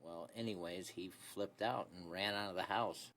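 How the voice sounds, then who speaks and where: A young man with a low, unhurried voice tells a rambling story, leaning on fillers like "anyways" and "this and that". It sounds like a casual phone recording, with a faint hiss underneath. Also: fairly bright tone. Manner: rambling, laid-back, many fillers like "anyways" and "this and that".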